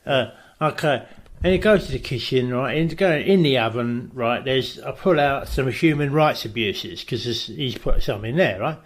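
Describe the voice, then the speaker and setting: A man co-hosting a podcast, telling a deadpan comic story. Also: mid-range voice, moderate pace. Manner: deadpan storyteller who acts out voices. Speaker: co-host.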